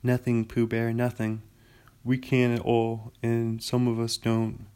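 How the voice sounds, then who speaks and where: A gloomy old gray donkey, as a man reads him aloud, grumbling through every sorrowful complaint. His voice stays flat and low-key, sunk in self-pity in a storybook world. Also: a little slow, clear, resonant tone, lightly acted. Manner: mournful, sighing complaints.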